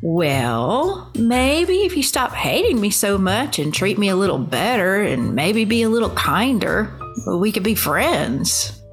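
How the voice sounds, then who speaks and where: A woman's voice: medium pitch, sing-song, unhurried, faint music behind. A woman voicing a teasing female inner voice with a Southern accent, in a comedy sketch within a podcast. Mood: sarcastic. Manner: cheeky, mocking.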